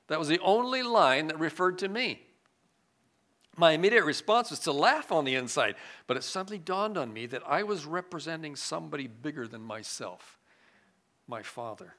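A man delivering a sermon in a bright, somewhat high voice. He reads passages aloud and then comments on them. He moves between strong emphasis and quiet, dropped-down asides. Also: moderate pace. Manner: expressive, swings between loud emphasis and hushed asides. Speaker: preacher. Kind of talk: sermon with scripture reading.

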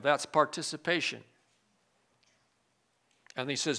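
A male pastor preaching a sermon, swinging from loud emphatic lines to quiet, low asides. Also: measured pace, pauses often.

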